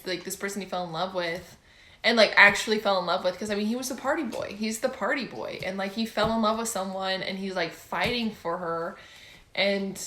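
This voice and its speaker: A young adult woman chatting casually about books she has read, gushing and excitable and often laughing. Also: mid-range voice, echoey room. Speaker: book vlogger. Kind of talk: casual book review chat.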